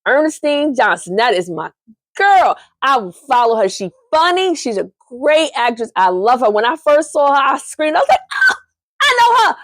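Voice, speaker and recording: A woman chats through a soap opera recap with sass and animated asides. Her voice sits a little high and bounces widely in pitch. The sound is close and dry, with no room around it. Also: no room sound. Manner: sassy, animated, chatty. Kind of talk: casual recap chat.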